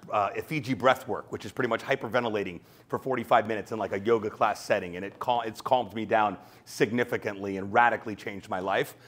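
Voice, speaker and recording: Animated man coaching on podcasting. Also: lowish voice. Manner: fast, animated, acts out quoted exchanges. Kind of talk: energetic talk to an audience.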